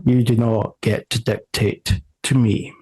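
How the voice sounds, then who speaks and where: A man voicing a cold, commanding noble patron who speaks from the shadows in a measured, disapproving way. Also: on the low side, flat delivery, mellow, slightly rough.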